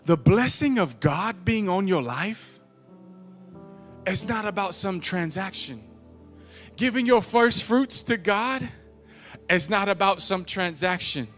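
A man preaching a sermon as a guest speaker, emphatic and fervent, often saying "come on" and sometimes dropping to a quiet, low voice. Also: lively intonation, slow, long pauses, soft background music. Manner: drops to a low, quiet voice in long passages.

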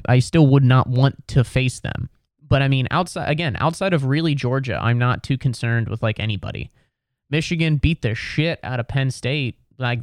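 A man's voice: no echo, clean studio sound. A young man hosting a podcast, chatting casually in a rambling, profane, exasperated way, sometimes jumping up into mocking voices. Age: young adult. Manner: swings up into mocking high voices when mimicking others. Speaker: podcast host. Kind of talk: casual sports talk.

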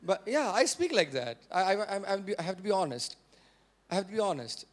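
A male pastor with an Indian English accent preaching a sermon, repeating phrases and prompting the congregation to say words back, rising to forceful emphasis. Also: high-pitched, big pitch swings, a little fast. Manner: repetitive, call-and-response preaching.

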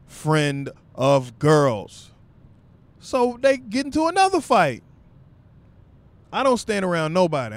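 A young man telling a funny story straight to his viewers, loose and profane. His voice sits a touch high and stays casual. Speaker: vlogger.

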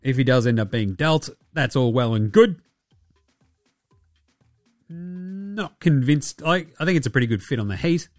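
A man's voice: medium pitch, animated, unhurried, long pauses, no room sound, clean studio sound, soft background music. A young Australian man hosting a casual basketball podcast, sarcastic and profane, often putting on mocking voices for the people he talks about. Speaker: podcast host. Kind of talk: casual sports commentary.

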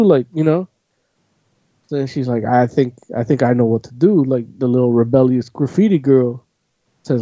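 A man with a dark, mellow tone rambles through a casual chat, swearing and packing his talk with "like". The sound is dry and close, on a dull, lo-fi recording. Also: mid-range voice, normal speed, no echo. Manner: rambling, profane, full of "like". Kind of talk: casual chat, recapping a comic. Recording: dull lo-fi audio.

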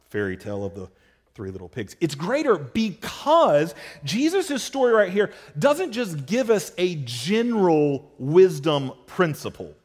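Male pastor, fairly high voice, emphatic sermon delivery that drops to a hush, long hall reverb. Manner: emphatic, repetitive, rhetorical questions, swings between loud and hushed. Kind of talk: expository sermon.

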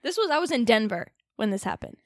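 A woman's voice: fairly high pitch, fast, no room sound, studio quality. A woman co-hosting a podcast, telling a story in casual chat and acting out the quoted voices. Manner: animated storyteller who acts out quoted voices.

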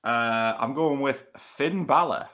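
A man's voice: mid-range voice, slow pace, a bit bright. A man co-hosting a casual podcast chat, explaining his picks at length. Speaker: podcast co-host.

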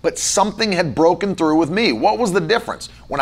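A man delivers a sermon in a somewhat high voice. He tells stories in a chatty way, full of fillers. Then he drives his points home with repeated words in rhythmic lists. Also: lively intonation, a little fast, few pauses. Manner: conversational storytelling with fillers. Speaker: pastor.

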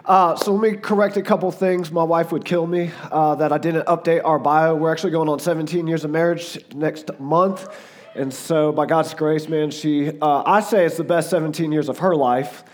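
A man in his forties with a Southern US accent, a guest preacher telling casual, joking stories about his family with a hoarse, fading voice. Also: fairly high pitch, fairly even intonation, normal speed. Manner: chatty and joking, lots of "like" and "uh". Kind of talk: casual storytelling before a sermon.

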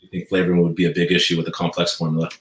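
A relaxed man chatting on a podcast, loose and friendly in tone, calling people dude and bro. His voice sits in a roomy, echoey space. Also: low voice, rapid-fire. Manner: laid-back, says dude and bro a lot. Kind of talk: casual chat. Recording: roomy echo.

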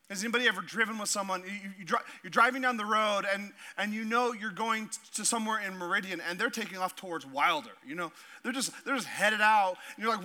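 A man's voice: sits high, pushed and bright. A middle-aged man from Alaska, a pastor preaching a sermon, telling stories with laughter and acting out voices.

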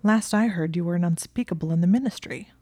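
A woman's voice: lowish voice, fast talker, dark tone, dry recording, studio quality, lightly acted. A woman playing a haughty, whining young wizard. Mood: scornful. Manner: theatrical, plaintive and lofty. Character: haughty young male wizard, dramatic, whiny.

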